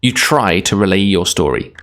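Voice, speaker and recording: A man's voice: deep voice, animated, normal speed, a bit bright, faint music behind. A Scottish man streaming live, reading a gamebook aloud in a chatty, self-deprecating way, laughing often.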